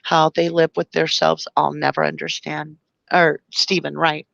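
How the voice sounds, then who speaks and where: A woman's voice: low voice, level tone, a little slow, creaky, fairly bright tone, no room sound, lo-fi sound. A woman hosting a live stream, speaking with passion and emotion, reading viewer comments and explaining through long analogies. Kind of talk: impassioned live-stream talk.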